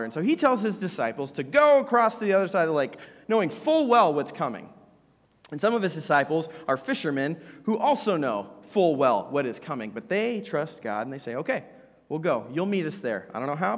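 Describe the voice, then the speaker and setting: Animated young preacher in an echoing hall. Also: male voice, fairly high pitch. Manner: animated storytelling preacher, drops to a whisper for emphasis. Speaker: pastor. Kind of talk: sermon. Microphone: microphone. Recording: long hall reverb.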